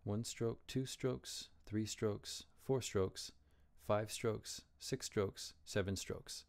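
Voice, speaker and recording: Guy with a lowish voice walking through chinese characters stroke by stroke, calm and careful. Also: gravelly. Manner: slow, careful modeling of pronunciation. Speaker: Chinese language teacher. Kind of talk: explaining Chinese characters and tones.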